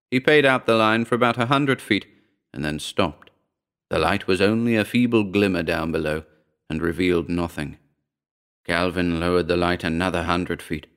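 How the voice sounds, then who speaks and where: A man narrating a short story in a steady, measured reading. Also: low voice, clear, resonant tone.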